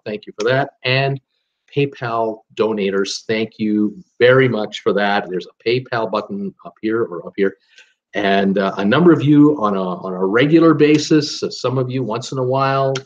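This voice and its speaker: The audio sounds dull as a Canadian man with a mid-range voice chats loosely on his live cruise channel. His talk rambles, peppered with "uh"s and restarts.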